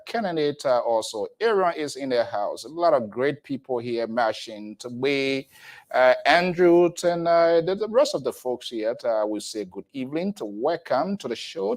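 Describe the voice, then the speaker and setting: A man's voice: mid-range voice, big pitch swings, normal speed, hardly any pauses. A man hosting a live call-in radio show, energetically greeting listeners by name. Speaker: radio talk show host.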